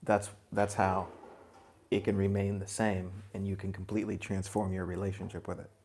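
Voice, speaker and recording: A man giving a spiritual talk to a group, gentle and reflective, chuckling now and then and dropping in blunt asides. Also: deep voice, level tone, moderate pace, slight background noise. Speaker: spiritual teacher.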